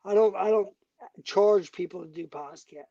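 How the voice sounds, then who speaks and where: A man's voice: high voice, normal speed, creaky, muffled recording, a crowd in the background. A man, a bare knuckle fighter, talking as a guest in a heated interview, angry, emphatic and profane.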